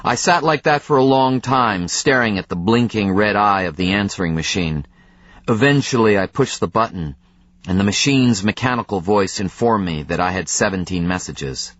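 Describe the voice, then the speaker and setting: A man giving measured, tense first-person audiobook narration. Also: fairly low pitch, lively intonation, a bit bright, dry recording, lo-fi sound.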